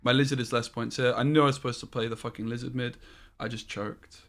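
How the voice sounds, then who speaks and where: A man's voice: mid-range voice, fairly even intonation, quick pace, a bit bright. A man streaming a card game live, thinking aloud about each play and swearing casually as he goes.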